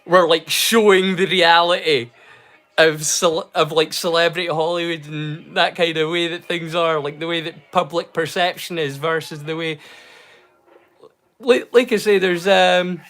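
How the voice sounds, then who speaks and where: A man with a slightly high voice hosts a casual livestream at a measured pace. He's excitable, talking in hesitant, animated bursts packed with fillers and restarts, and he keeps a mild stammer hidden.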